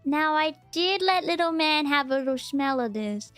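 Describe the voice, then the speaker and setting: A woman's voice: expressive, moderate pace, few pauses, fairly bright tone, faint music behind. A woman streaming as a VTuber, chatting playfully while she bakes and teasingly scolding her viewers. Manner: playful, mock-scolding chat with sudden squeaky outbursts. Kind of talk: casual stream chat.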